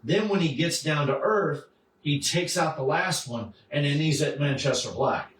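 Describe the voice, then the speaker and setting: Man, animated storyteller, higher-pitched, echoey room sound. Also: moderate pace, a little hiss or hum. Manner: animated, acts out characters while retelling. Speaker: podcast co-host. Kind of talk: casual chat about comics. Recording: echoey room, mic at a distance.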